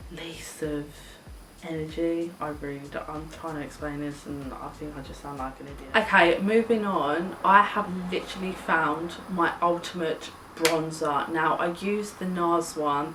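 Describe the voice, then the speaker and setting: A woman's voice: deep voice, a bit bright, recorded from a distance. A young woman chatting casually while doing her makeup, gushing and chatty, swearing now and then. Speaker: beauty vlogger. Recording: echoey room, mic set back, faint hiss.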